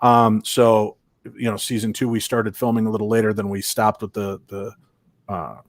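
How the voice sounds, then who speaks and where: A man's voice: fairly low pitch, moderate pace. A man from Chicago with a mixed Chicago and Minnesota accent, a paranormal investigator joking and telling stories as a guest. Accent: Chicago and Minnesota blend. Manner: joking, animated storyteller. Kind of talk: casual interview chat.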